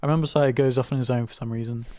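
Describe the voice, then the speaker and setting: Fast-talking teasing podcast co-host, man. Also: medium pitch, fairly even intonation, a little mellow. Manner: teasing, dry banter. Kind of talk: casual chat.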